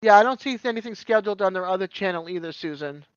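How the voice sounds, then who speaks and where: A man's voice: high-pitched, lively intonation, quick pace, clear, resonant tone, dry recording. A man with a Boston accent hosting a casual livestream, chatting, laughing often and greeting viewers from chat. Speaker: livestream host. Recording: dull lo-fi stream audio.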